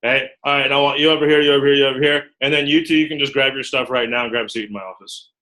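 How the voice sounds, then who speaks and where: A man training a small group of recruiters. He talks in a lively, animated way, acts out quotes and keeps checking in with "okay?" He has a bright, forceful voice at a middle pitch, and he is speaking to people in a meeting room. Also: very fast, rough recording.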